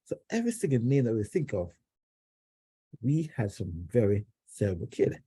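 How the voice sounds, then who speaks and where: Man, from Jamaica, club speech, very dark husky voice, animated pitch, restarts often. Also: normal speed. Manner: storytelling with acted quotes, frequent restarts. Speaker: club member giving an icebreaker speech. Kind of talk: personal prepared speech. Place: club meeting room.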